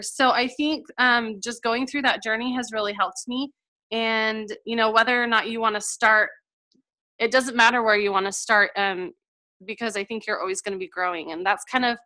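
A woman's voice: fairly high pitch, bright, forceful tone. A woman in her thirties telling her personal story in a chatty, emotional way, with lots of fillers. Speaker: guest coach sharing her story. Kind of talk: casual heartfelt testimonial.

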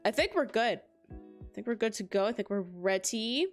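A woman's voice: medium pitch, expressive, moderate pace, faint music behind. A young woman hosting a gaming livestream, chatting casually to her viewers in a bubbly, rambling way with many fillers and laughs, on a desk mic at home. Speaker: livestream gamer host. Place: home streaming setup. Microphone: desk microphone with high gain.

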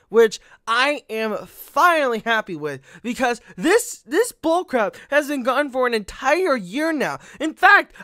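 A man's voice: very high-pitched, sharp tone, no room sound, studio quality. A man doing commentary on his own channel, talking casually and ranting, often saying "like". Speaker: commentary YouTuber. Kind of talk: commentary vlog.

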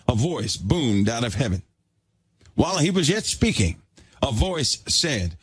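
A man's voice: mid-range voice, big pitch swings, a little slow, husky, no room sound. A man preaching a sermon in an emphatic, exhorting way.

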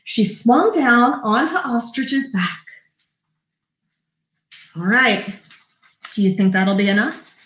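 Lady librarian reading a kids' story, slow and bouncy, kinda high voice, echoey room. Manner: animated, does character voices, pauses to talk to kids. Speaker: children's librarian. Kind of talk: storybook read-aloud.

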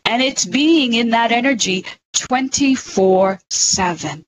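A woman talking earnestly and slowly on a spiritual radio show, as a guest. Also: a little high, noisy background. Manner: earnest, slow and emphatic.

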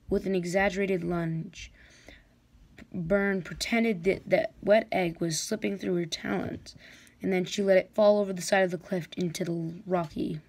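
A woman reading a fantasy novel aloud as a story reader, in a steady storytelling manner. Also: fairly low pitch, moderate pace, creaky.

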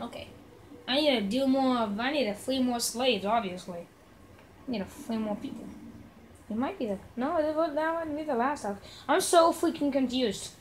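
Young woman, high voice, chatty gameplay commentary with outbursts at enemies, noisy homemade recording. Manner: chatty, excitable, mocks enemies. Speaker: gamer.

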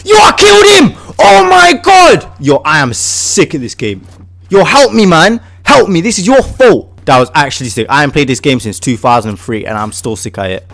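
An English man giving excitable casual commentary while playing a game, shouting at his teammate. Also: medium pitch, normal speed. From England. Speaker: gaming video host.

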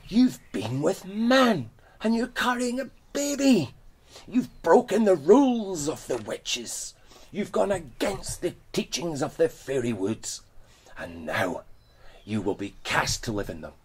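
A man's voice: fairly high pitch, big pitch swings, slightly rough, voice pushed up, full character voice. A man playing a shrieking furious witch. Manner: shouting, drawn-out accusations. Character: furious old witch, shrill and scolding.

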